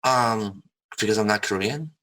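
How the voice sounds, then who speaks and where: A man's voice: fairly low pitch, moderate pace, pushed and bright, poor audio. A young adult man, an interview guest, frankly telling personal stories with casual swearing and many restarts. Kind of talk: candid personal storytelling.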